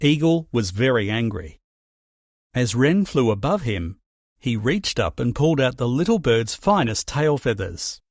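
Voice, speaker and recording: A man narrating a children's storybook with an expressive reading. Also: medium pitch, a little slow, no echo, studio quality.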